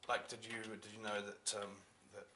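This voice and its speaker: An actor with a New Zealand accent playing an earnest young man who talks haltingly. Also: lowish voice, level tone, lightly acted. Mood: sheepish. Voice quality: halting, hesitant. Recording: distant, noisy mic.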